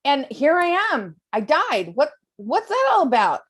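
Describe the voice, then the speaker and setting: Woman playing an exasperated, stubborn believer, pitched up. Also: very animated, measured pace, a bit bright, exaggerated voice. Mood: indignant. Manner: exasperated, complaining. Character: indignant drowned man of faith.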